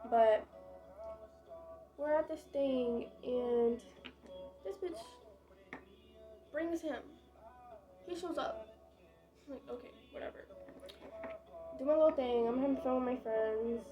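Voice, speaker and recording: A woman's voice: sits high, rough recording. A young woman vlogger telling a casual storytime, chatty and dramatic, with lots of fillers and swearing.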